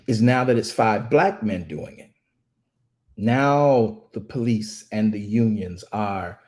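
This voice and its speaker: A man's voice: lowish voice, slow, darkish tone. Emphatic man delivering impassioned commentary. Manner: emphatic, repetitive, stammers on restarts. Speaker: ministry speaker.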